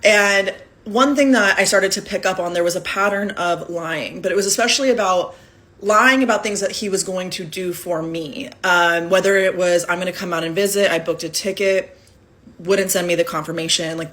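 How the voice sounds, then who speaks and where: A woman in her thirties from California, telling a personal story to her phone camera in a candid, animated way and acting out the lines people said. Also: fairly low pitch, moderate pace.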